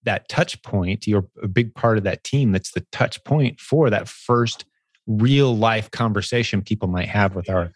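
A man's voice: on the low side, a little slow, no room sound, clean studio sound. A man hosting a conversational interview, encouraging and upbeat as he draws out a team member's stories. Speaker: host, business owner.

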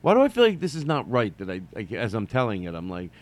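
A man hosting a solo comedy podcast, rambling through a story with jokey asides and quick mock voices. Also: on the low side, wildly swooping pitch.

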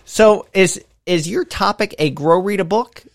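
A man's voice: sits high, unhurried, no room sound, studio quality. A man co-hosting a podcast, joking and laughing in short asides. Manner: jokey, giggly, short interjections. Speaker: podcast co-host. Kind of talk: casual chat.

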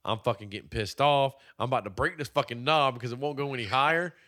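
A man's voice: mid-range voice, fast talker, pushed and bright. A man co-hosting a podcast, telling stories in a profane, laid-back way and laughing often. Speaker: podcast co-host. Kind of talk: casual chat.

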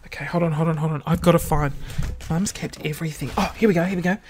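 A young Australian man telling a school story in a casual, animated way, swearing freely and gasping as he sorts through old school papers. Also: on the high side, fast. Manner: animated, gossipy, swears freely, breaks into gasps. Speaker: vlogger.

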